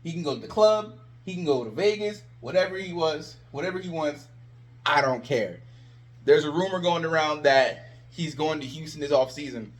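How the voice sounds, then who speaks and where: Male sports vlogger, slightly high voice; sarcastic, exasperated ranting fan commentary. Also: normal speed.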